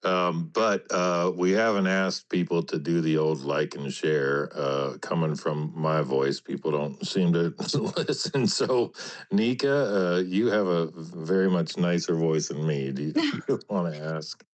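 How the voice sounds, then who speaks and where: Very deep-voiced self-mocking host. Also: male voice, measured pace. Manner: self-deprecating, laughing. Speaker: host of a live audio space. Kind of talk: casual chat.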